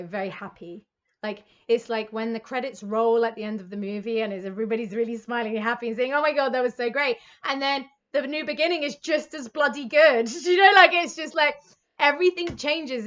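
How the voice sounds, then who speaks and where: A woman from the UK giving a tarot reading, gushing and excitable in a chatty way. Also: on the high side, lo-fi sound. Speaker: psychic tarot reader.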